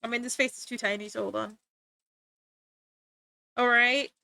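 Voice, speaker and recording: A woman's voice: a little high, steady tone, moderate pace, gravelly, pushed and bright, no echo. A woman streaming live while she draws, chatting casually and playfully, giggling and making exaggerated complaints.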